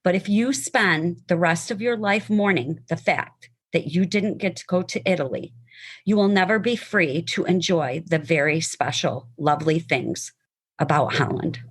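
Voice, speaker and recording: A woman's voice: fairly low pitch, moderate pace, breathy edge. A woman sharing her personal testimony and reading a poem aloud, heartfelt and emotional, sometimes stumbling over words.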